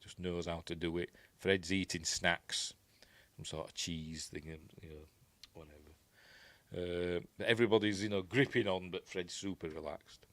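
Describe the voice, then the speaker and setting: Yorkshire guy chatting thru a movie, lowish voice, dry close sound, keeps chuckling and going off track. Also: steady tone, unhurried, a bit bright, no echo. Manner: rambling, chuckling, self-correcting. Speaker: host. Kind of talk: casual film commentary.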